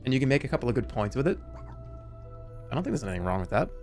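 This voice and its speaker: A man streaming a video game, chatting in a rambling, profane, animated way. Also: medium pitch, very fast, soft background music. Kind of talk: casual chat while gaming.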